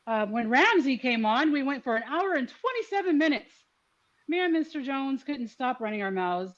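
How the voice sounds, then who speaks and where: A middle-aged woman hosting a podcast who tells stories in a lively way and swears freely. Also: sits high, normal speed, highs cut off. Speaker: podcast host. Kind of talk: casual chat.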